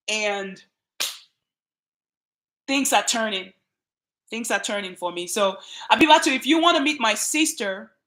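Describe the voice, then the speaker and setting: A woman with a Nigerian accent hosting a casual livestream, greeting viewers by name in an emphatic, lively way. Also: on the high side. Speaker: channel host.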